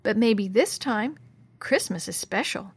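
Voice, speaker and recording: A woman voicing a hopeful, gentle young girl in a storybook reading. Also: medium pitch, expressive, unhurried, husky, heavily acted.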